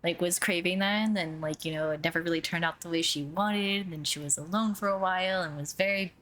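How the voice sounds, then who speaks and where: Rambling, lower-pitched young woman. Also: fairly quick, fairly bright tone, a little hiss or hum. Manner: rambling, filler-heavy, giggly. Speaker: player. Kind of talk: casual tabletop role-play chat.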